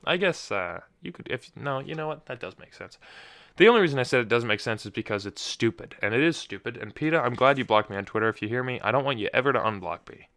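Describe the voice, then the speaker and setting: A man's voice: medium pitch, expressive, fast talker, gravelly, fairly bright tone, dry recording. A young man hosting his own podcast in casual solo chat, rambling and often restarting his sentences. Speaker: podcast host.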